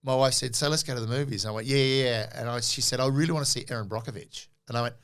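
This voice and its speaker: A middle-aged Australian man, a podcast guest, telling animated stories in a casual interview and acting out quoted dialogue. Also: mid-range voice, very fast.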